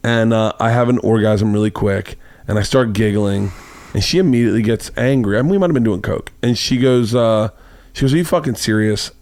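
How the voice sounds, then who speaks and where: A man's voice: lowish voice, fairly quick, darkish tone, no room sound. A man hosting a podcast, telling a long rambling anecdote in casual chat and acting out the quotes in a raised voice. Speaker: podcast host. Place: home studio room.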